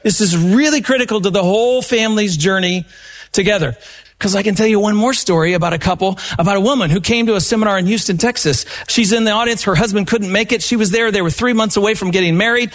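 A man giving a live event talk, telling stories in an earnest, animated way. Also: high voice, fast. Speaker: seminar speaker. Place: live event before an audience.

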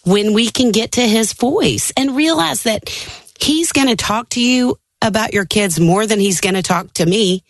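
A woman's voice: mid-range voice, normal speed, no room sound, studio quality. A woman, an author talking enthusiastically in a faith conversation.

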